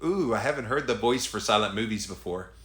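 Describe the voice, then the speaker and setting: Reading viewer comments on his casual live stream, a middle-aged host with a Southern US accent sounds earnest, chatty, and drawn-out. His voice is fairly low and a bit bright, with lively intonation. The recording has a roomy quality.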